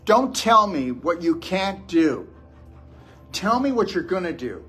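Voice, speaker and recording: A man's voice: sits high, very animated, slow, pushed and bright, husky, faint music behind. A man giving a blunt, scolding motivational lecture to a live audience as a wellness show host.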